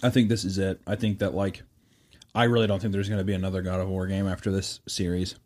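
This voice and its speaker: A man's voice: deep voice, level tone, quick pace, a little mellow. A man co-hosting a podcast in casual chat, rambling with many restarts. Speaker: podcast co-host.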